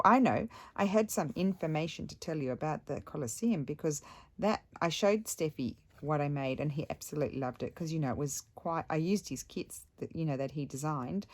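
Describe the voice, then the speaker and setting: A chatty woman talks her viewers through a stitching project in a low, unhurried voice. She rambles, restarts her sentences and fills pauses with ums. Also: darkish tone. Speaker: craft vlogger. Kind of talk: casual chat while stitching.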